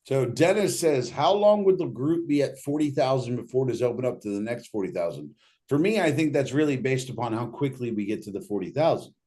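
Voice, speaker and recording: A man hosts a casual livestream Q&A. He reads viewer questions aloud and jokes loosely between them. His voice sits at an ordinary pitch. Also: expressive, brisk, mellow. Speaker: host reading audience questions.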